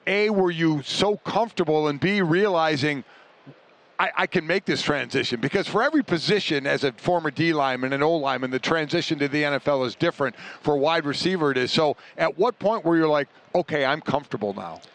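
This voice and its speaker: A male co-host with a voice pitched a little high for a man. He is eager and playful, jumping in with quick jokes and long questions for the guest. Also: fairly bright tone. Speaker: radio co-host, former lineman. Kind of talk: sports radio talk.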